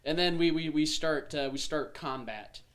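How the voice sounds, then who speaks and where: A man's voice: on the high side, moderate pace, fairly bright tone. A man hosting a podcast, animatedly recapping the tabletop game he ran, swearing freely. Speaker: game master and podcast host.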